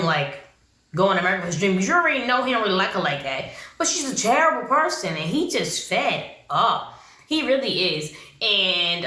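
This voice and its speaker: A young woman vlogging her review of a reality show, blunt and opinionated with plenty of slang. Her fairly high voice swings up and down with lively energy. The room around her is echoey. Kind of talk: casual vlog commentary.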